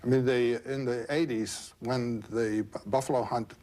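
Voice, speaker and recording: A man of medium pitch tells an old myth in an interview, rambling folksily with many asides. His voice is neither high nor low, and he speaks in an easy, discursive way. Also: steady tone, normal speed, mellow. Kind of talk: storytelling in an interview.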